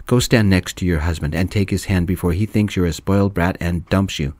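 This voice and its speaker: A man voicing a stern, exasperated middle-aged mother who scolds her daughter firmly, in a soft-spoken storybook reading. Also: sits low, fairly even intonation, brisk, no echo. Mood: scolding. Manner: scolding, firm.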